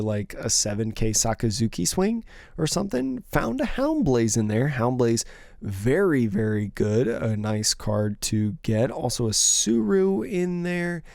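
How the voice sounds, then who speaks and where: A man's voice: medium pitch, darkish tone, clean tone, no echo, clean studio sound. A young man giving casual solo commentary on a card game match, thinking aloud through each player's options, his voice a little worn. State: slightly losing his voice. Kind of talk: solo play-by-play commentary over a stream.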